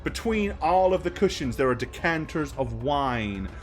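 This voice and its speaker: A man narrating a tabletop role-playing game as game master, describing scenes slowly with many fillers. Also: fairly high pitch, sing-song, faint music behind.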